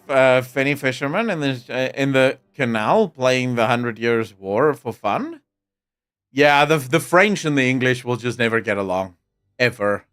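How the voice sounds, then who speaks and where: A young South African man riffing on a live stream, sardonic and profane, his voice sitting at an ordinary middle pitch. Faint music plays under his loose, joking chat. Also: a bit bright, clear, resonant tone. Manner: sardonic, joking, frequent laughter and swearing.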